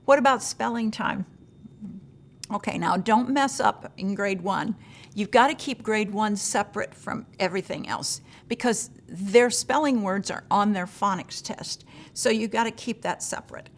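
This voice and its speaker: A woman's voice: medium pitch, measured pace. A woman leading a teacher-training session, giving practical advice in a conversational way, with frequent fillers and acted-out questions from teachers.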